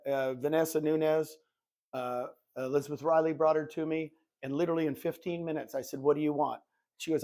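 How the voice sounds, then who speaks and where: Older man in his sixties, lively jokey storyteller, slightly high voice, acts out dialogue. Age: 60s. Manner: jokey self-described goofball. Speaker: real estate recruiter and coach. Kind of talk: live presentation to agents.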